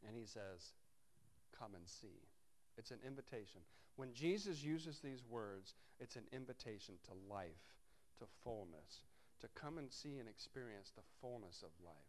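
A man's voice: medium pitch, lively intonation, normal speed, hardly any pauses. A man preaching a sermon, reading scripture aloud and breaking off into wry, conversational asides to his congregation. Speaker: pastor.

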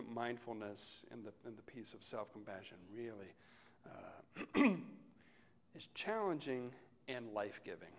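Soft-spoken conversational man preaching. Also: medium pitch, slight background noise. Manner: conversational, reflective, often dropping to a soft close. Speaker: pastor. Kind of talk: sermon.

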